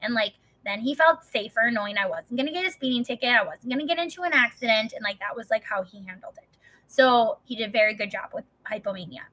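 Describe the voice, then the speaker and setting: A woman's voice: fairly high pitch, animated, fast, fairly bright tone. A young adult woman in casual, rambling chat, swearing often and saying "like" constantly. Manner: rambling, profane, heavy filler "like". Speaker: vlogger.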